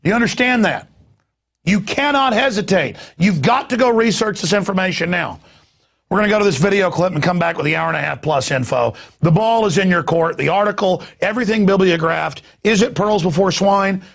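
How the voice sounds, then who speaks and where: A man's voice: high voice, a little fast, gravelly, a bit bright. A man hosting a talk show, delivering an urgent, preachy political monologue in a fervent voice with lots of restarts.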